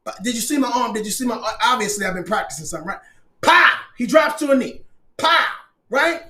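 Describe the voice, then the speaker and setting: A man performing an animated comedic monologue, shouting and preaching his story with laughing asides. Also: extremely high pitch, brisk.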